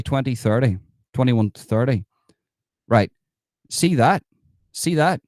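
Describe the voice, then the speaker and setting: A man's voice: medium pitch, darkish tone, dry recording, clean studio sound. An Irish man hosting a livestream, talking emphatically to his viewers and reading out the chat, with plenty of repetition. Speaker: livestream host.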